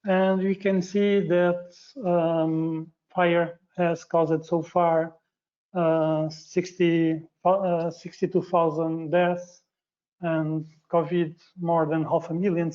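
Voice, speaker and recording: A man with a Portuguese accent gives a webinar talk in English, his second language, in a slow, flat, fairly high voice. He stops often to restart and correct himself, filling the gaps with ums. The sound is dull and lo-fi, like a call picked up by a computer mic. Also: smooth. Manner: halting, frequent fillers and self-corrections. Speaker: guest speaker. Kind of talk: webinar presentation.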